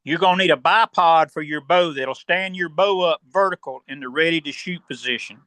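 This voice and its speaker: A man with a Southern US accent lays out his advice step by step, patient and instructive, pausing now and then to clear his throat. His voice sits a little high and bright. The sound is close and dry, with no room around it. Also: no room sound. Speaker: guest turkey hunting expert. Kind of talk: casual podcast explanation.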